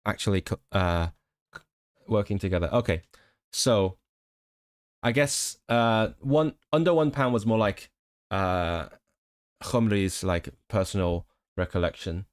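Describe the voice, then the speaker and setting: Guy streaming and chatting w/ viewers, lowish voice, laughs a lot, keeps restarting sentences. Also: lively intonation, a little slow, pauses often. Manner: chatty, rambling, laughs often, many restarts. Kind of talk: casual live-stream chat.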